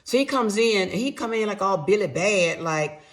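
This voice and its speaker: A woman's voice: mid-range voice, expressive, normal speed. A middle-aged woman, animatedly telling viewers a personal story, emphatic and swearing freely. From Atlanta, USA. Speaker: storyteller recounting personal experience.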